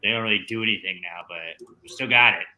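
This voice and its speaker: A man's voice: on the low side, fast talker, bright, forceful tone. A man co-hosting a sports watchalong stream, joking and chatting casually about the game. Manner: joking, cheers on his team. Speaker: podcast co-host.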